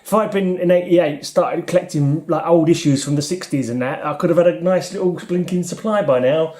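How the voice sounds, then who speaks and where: A middle-aged man with a British accent rambles through a casual vlog chat. His voice sits slightly high but sounds mellow and relaxed. He talks in loose, self-deprecating asides with frequent chuckles. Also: brisk. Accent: British English. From United Kingdom. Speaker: comic collector vlogger. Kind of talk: casual chat while flipping through comics.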